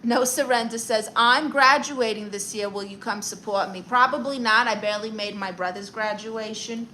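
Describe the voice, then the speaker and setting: Reading chat on a livestream, a comedian plays a vain, brash self-styled therapist aunt, bantering, bragging and snapping back quick, sassy retorts. Her voice is slightly high, bright and forceful, heard on a rough recording with a bit of background noise.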